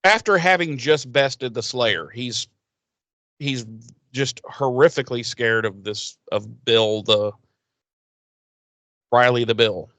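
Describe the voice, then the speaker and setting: A man co-hosting a podcast in casual chat, retelling a TV episode with animated acted-out lines. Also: medium pitch, slow pace, long pauses, no room sound. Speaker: podcast co-host.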